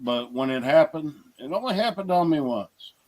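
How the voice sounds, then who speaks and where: A man's voice: fairly high pitch, expressive, normal speed, a little mellow. A man hosting a casual live chat, telling personal stories in a blunt, plainspoken way. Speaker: livestream host.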